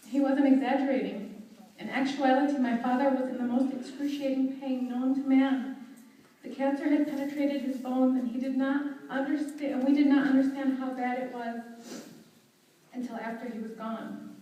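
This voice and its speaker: Young adult woman, earnest eulogy, high and warm-toned, heard from a distance in a very echoey hall. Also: fairly even intonation. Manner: earnest, heartfelt, measured. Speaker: daughter giving a eulogy. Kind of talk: read memorial eulogy. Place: memorial service hall.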